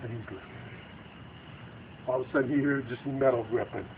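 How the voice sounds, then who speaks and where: A man of medium pitch talks fast as he tells his family a spooky story beside a bonfire at night. His telling is lively, with the characters' panicked lines acted out, recorded on a tinny, noisy home video.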